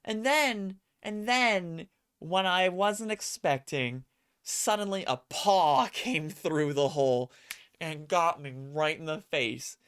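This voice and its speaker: An adult live streamer chats casually with viewers, telling rambling stories, acting out quotes and poking fun at themselves. The voice is medium-pitched, slow, a bit bright and clean in tone.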